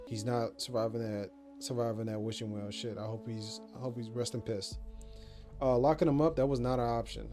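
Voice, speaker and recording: A man's voice: medium pitch, warm tone. Slangy, rambling young-sounding male gamer. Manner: loose, slangy, rambling, swears freely. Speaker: gaming YouTuber. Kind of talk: casual game review vlog.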